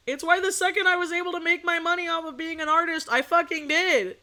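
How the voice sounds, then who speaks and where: A woman's voice: extremely high pitch, steady tone, moderate pace, sharp tone. A young woman streaming live, ranting casually to her chat, swearing and laughing between points. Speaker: VTuber streamer.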